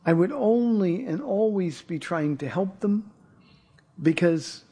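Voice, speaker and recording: A male pastor delivers a sermon in a mellow, slightly husky voice. He speaks earnestly and often doubles up his words as he gathers a thought. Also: high-pitched, lively intonation, takes it slowly. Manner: earnest, repeats words when starting a thought. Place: church.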